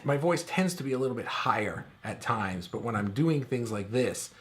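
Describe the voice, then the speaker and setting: A middle-aged man teaching a recorded course lesson in a relaxed, conversational way, with filler words. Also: on the low side, a little fast, few pauses. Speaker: course instructor.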